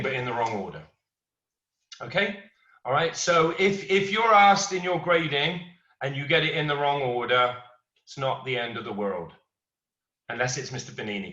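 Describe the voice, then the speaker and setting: Martial arts instructor in a roomy hall. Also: male voice, medium pitch. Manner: storytelling, animated quoting of others. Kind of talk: class teaching with anecdote. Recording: roomy, distant, dull lo-fi.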